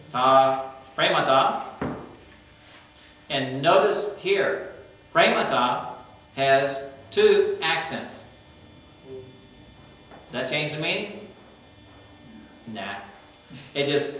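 A man's voice: mid-range voice, fairly bright tone. A man teaching a seminary Greek reading class, explaining verb forms and interpretation in a conversational way. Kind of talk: classroom lecture. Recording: echoey classroom from far off, faint hum.

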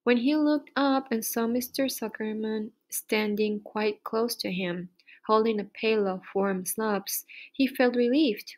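A woman reading a children's chapter book aloud with lively storybook delivery. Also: fairly high pitch, measured pace.

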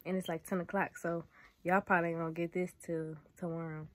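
Laid-back teen girl vlogging, slightly low. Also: level tone, brisk. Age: teens. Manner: laid-back, slangy, addresses viewers as y'all. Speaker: vlogger and track athlete. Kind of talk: casual vlog talk to viewers.

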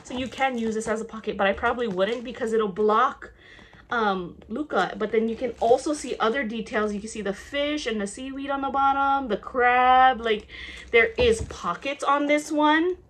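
A woman's voice: fairly high pitch, normal speed, fairly bright tone. A young woman showing off handbags in a casual haul vlog, chatty and gushing, with many okays. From half Japanese. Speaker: vlogger showing a bag haul.

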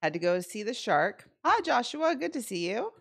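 A woman's voice: fairly high pitch, very animated, moderate pace, creaky, fairly bright tone. A woman hosting a casual live slot stream from home, playfully chatting and greeting viewers by name. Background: faint slot game music.

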